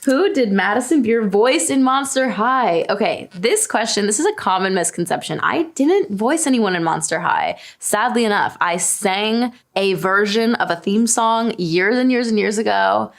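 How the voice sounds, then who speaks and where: Twenties woman from long island, chatty and joking about herself, gravelly fry in her voice. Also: medium pitch, lively intonation, moderate pace, few pauses. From Long Island, New York. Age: 20s. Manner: chatty and self-deprecating, with frequent laughs. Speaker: singer answering fan search questions. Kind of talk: casual chat.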